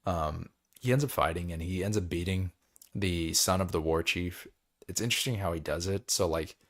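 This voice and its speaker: Low-voiced tired man recapping a book. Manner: rambling, filler-heavy, paraphrases characters in quick voices. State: tired, yawning. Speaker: book club host. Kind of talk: casual book chapter recap.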